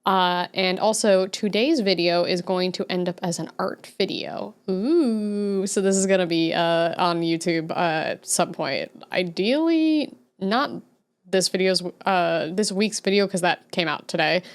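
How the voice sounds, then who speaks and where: A woman's voice: fairly low pitch, measured pace, smooth. A young adult woman hosting a casual livestream, chatting with viewers while drawing, laughing often as she answers them. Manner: chatty, giggly, answers chat aloud with frequent laughter. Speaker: livestream host.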